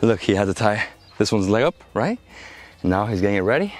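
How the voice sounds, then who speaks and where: A man making a casual, excited travel vlog outdoors at a camel farm, gasping and exclaiming as he films. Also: fairly low pitch, brisk. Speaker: travel vlogger.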